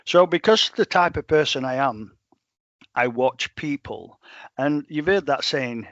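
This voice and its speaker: A middle-aged man, a dog trainer telling stories in a plain-spoken, animated way. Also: medium pitch, a little slow, dry recording, dull audio. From England. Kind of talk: storytelling in a podcast interview.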